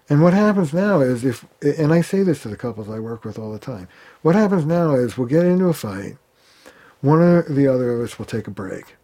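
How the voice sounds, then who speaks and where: Mellow-voiced male therapist, animated. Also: medium pitch, creaky, slightly rough. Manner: animated, acts out quoted arguments. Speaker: family therapist guest. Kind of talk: conversational interview.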